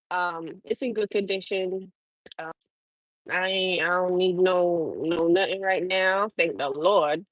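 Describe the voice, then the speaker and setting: A woman hosts a trucker livestream, chatting loosely with her viewers, swearing freely, laughing often and talking back to chat. Her voice is medium-pitched, with no room sound on a low-quality recording.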